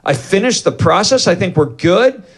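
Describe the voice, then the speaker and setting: A man's voice: sits high, moderate pace, husky. A man preaching, telling a story from his ministry and acting out both sides of the conversations. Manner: animated, acts out both sides of dialogues. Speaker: pastor leading deliverance ministry. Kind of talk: sermon storytelling.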